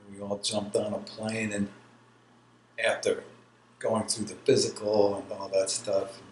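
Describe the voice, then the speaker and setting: His voice fairly low, flat, unhurried and a little mellow, a sixty-something army veteran from New York shares his life story in an oral history interview. He rambles and laughs throughout. Faint hiss sits in the background of the roomy recording.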